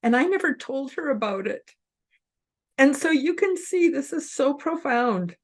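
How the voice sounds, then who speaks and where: A woman in her fifties hosting her own show, telling a personal story to camera in an earnest, openly emotional way, tearful and halting with restarts. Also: sits high, animated. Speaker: host.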